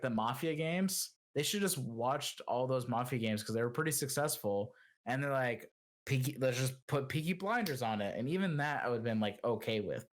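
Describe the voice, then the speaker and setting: A young man co-hosting a casual podcast, griping and sarcastic. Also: mid-range voice. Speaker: podcast co-host. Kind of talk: casual chat.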